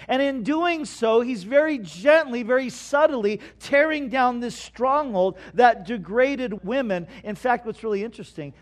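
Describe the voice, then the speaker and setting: A man preaching a sermon, reading scripture aloud and explaining it earnestly, swinging between loud stresses and hushed asides. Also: sits high. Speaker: pastor.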